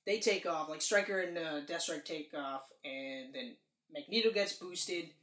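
Animated swearing man in an echoey room. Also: on the high side, unhurried. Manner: animated, swearing, excited retelling. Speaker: podcast co-host. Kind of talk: casual movie chat.

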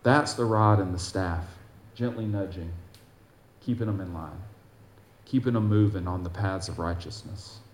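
A man preaching a sermon, reading scripture aloud with force and dropping to soft, gentle asides. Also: low-pitched, normal speed, echoey room, a little hiss or hum.

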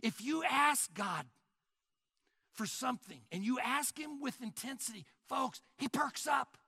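A man in his sixties preaching a sermon, animated, acting out mock prayers and dialogue. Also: very high voice, measured pace, slightly rough, no room sound, clean studio sound. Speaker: pastor.

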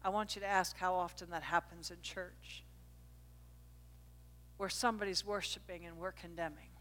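A middle-aged woman preaching a sermon, telling a family story with animated energy that jumps up at the high points. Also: moderate pace. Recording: reverberant hall.

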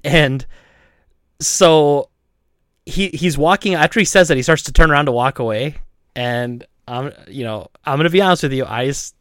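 Animated man telling a store story. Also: a little high, no room sound, clean studio sound. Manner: animated, laughing, acts out voices. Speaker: store owner and podcast co-host. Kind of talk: casual chat, telling a story.

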